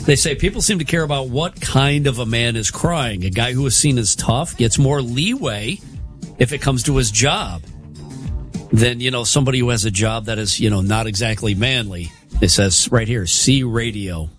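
A man's voice: medium pitch, normal speed, faint music behind. A man hosting a radio show in casual chat, reading study findings aloud and riffing on them. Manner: reads study findings aloud, then riffs.

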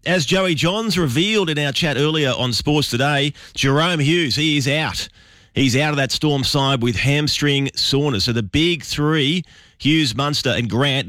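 A man hosting a live sports radio show, brisk and chatty. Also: medium pitch, fairly bright tone, no room sound, studio quality.

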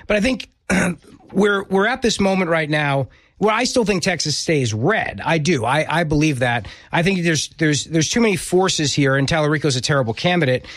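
A middle-aged man hosts political talk radio in an emphatic, opinionated way, often doubling up words as he drives a point home. His voice sits a little high for a man. The sound is dry and close, with no room echo. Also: lively intonation, moderate pace, a bit bright. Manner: emphatic, repeats words when pressing a point. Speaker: radio talk show host.

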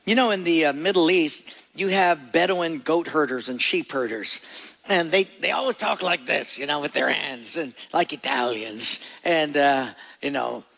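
A man's voice: on the high side, moderate pace, creaky, a bit bright, in a large hall, poor audio. A male pastor delivering a folksy, storytelling sermon and putting questions to his congregation.

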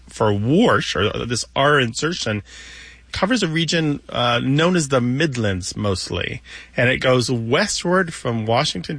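A man co-hosts a radio show about language, speaking into a studio microphone with a dry, close sound. He explains word lore patiently and step by step, at a medium pitch. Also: vocal fry, a bit bright, no echo. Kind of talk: casual explanatory radio chat.

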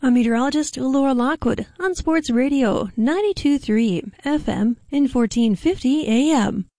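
Lady weather forecaster on radio, a bit high, dry close mic, brisk and even. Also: no echo. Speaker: radio meteorologist.

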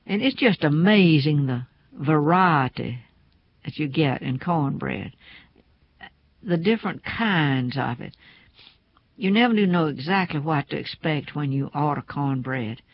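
Gravelly man, folksy. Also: a little high, expressive, unhurried, no room sound. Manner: folksy, chatty, opinionated. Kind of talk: casual spoken commentary. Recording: dull, muffled sound.

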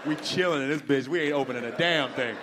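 A man doing a stand-up comedy routine, loud and animated, talking profane street slang and breaking into screams and laughter. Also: medium pitch, fast talker, background noise.

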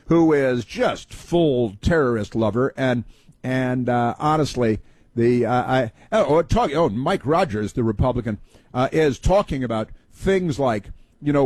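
A man's voice: mid-range voice, a little mellow, no echo. A man hosting a talk show, giving sarcastic, rambling political commentary with many fillers. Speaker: talk radio host.

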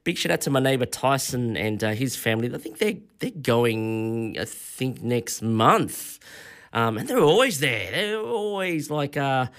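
A man's voice: medium pitch, expressive, a little slow, a bit bright. An Australian man in his forties, a radio host telling rambling travel stories in a casual on-air monologue. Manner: rambling anecdotal storytelling.

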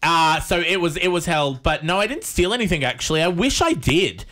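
Male co-host, chatty and animated, pitch jumps all over as he spins a story. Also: brisk. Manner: animated storytelling, rambling with fillers. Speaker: podcast co-host. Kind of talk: casual chat.

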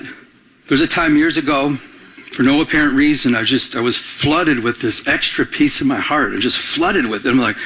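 A male pastor preaching in an animated, conversational way, telling personal stories and having listeners fill in words. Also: fairly high pitch, fairly quick, breathy edge. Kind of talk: sermon with personal storytelling.

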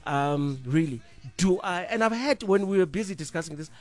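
A middle-aged man, co-hosting a morning radio show in easy, animated chat from a studio. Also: sits high, moderate pace, soft background music. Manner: animated, laughs easily, restarts and fillers. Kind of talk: casual breakfast radio chat.

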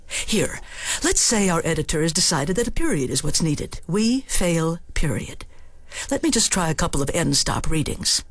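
A woman's voice: low-pitched, sing-song, moderate pace, husky, no echo. A theater actor, a woman, giving a thoughtful, wry scripted radio essay from a studio. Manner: thoughtful, wry, trying out many line readings.

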